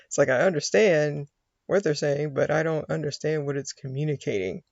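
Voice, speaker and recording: A man from the United States talks in a loose, rambling way, often acting out his own inner voice. His voice sits a bit high and has a lot of gravel. The sound is dry and slightly dull. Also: normal speed, long pauses, darkish tone, no room sound. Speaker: vlogger. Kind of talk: casual rambling monologue.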